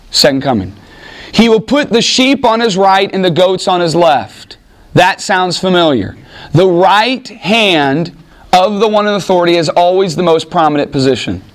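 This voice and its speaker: Man preaching in a conversational way. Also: sits high. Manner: conversational, acts out voices in Bible stories. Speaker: pastor. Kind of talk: sermon.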